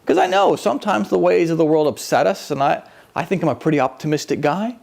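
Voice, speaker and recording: Lively gravelly preacher man. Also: fairly high pitch, fast talker. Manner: animated storytelling, acts out the people in the story. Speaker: pastor. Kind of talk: conversational sermon.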